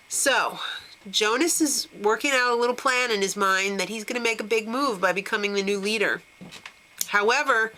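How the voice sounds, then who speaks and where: A woman's voice: medium pitch, sharp tone, low-quality recording. A woman hosting a casual reality-TV recap, talking in a gossipy, snarky way and giggling often. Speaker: show recap host.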